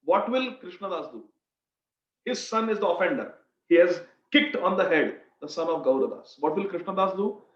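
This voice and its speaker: A man leads a devotional scripture class, explaining with homely stories and warmly addressing his listeners as friends. His voice is fairly high for a man. The sound is dull and lo-fi, with plenty of room echo. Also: lively intonation, normal speed. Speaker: scripture teacher.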